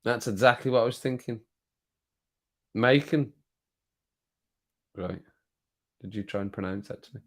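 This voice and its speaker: A man's voice: on the low side, fast, a bit bright. Chatty man hosting a live stream. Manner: chatty, reads viewer comments aloud and laughs often. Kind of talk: casual live-stream chat.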